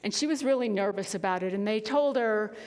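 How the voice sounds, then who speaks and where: A woman's voice: medium pitch, fairly quick. Woman minister telling a story, hall reverb. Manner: earnest storytelling with soft, hushed passages. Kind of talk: sermon storytelling. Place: spiritual center sanctuary. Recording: long reverb of a church hall.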